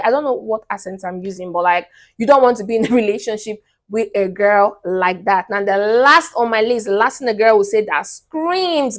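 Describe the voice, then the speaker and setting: A woman's voice: medium pitch, a little fast. A young woman hosting a relationship advice vlog, speaking bluntly and emphatically and often checking in with listeners.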